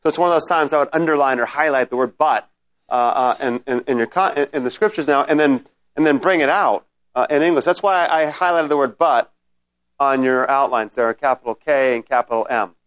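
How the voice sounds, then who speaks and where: A man's voice: medium pitch, brisk, a bit bright. A man teaching a Bible study class in a conversational way, often checking in with his listeners and restarting his sentences.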